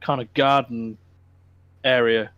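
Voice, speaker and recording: A man's voice: medium pitch, fairly even intonation, slow pace, clear, resonant tone, no room sound, muffled recording. A man, a laid-back co-host chatting casually and swearing as he tells stories. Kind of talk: casual chat.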